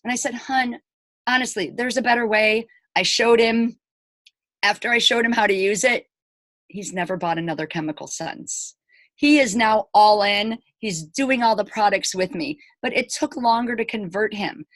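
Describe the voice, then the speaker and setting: Woman in her forties, chatty storyteller, mid pitch, dry close sound, emphatic asides to viewers. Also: normal speed, fairly bright tone, dry recording. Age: 40s. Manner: chatty, retells scenes by quoting people in dialogue. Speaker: elementary school teacher. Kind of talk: casual personal storytelling to camera.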